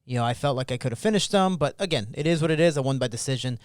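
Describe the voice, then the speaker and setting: A man speaking as a podcast guest, telling stories in loose, slangy speech. He jumps into the voices of people in his stories, and his voice is smooth and clear. The sound is dry and close. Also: mid-range voice, racing, dry recording. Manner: animated, acts out remembered dialogue; casual, slangy. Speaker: podcast guest, pro fighter. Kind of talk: storytelling in a podcast interview.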